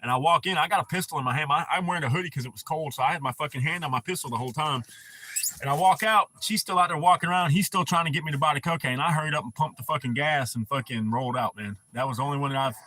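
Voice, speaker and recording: A man's voice: fairly high pitch, racing, pushed and bright. A man from North Carolina telling a story in a casual, profane, laid-back chat.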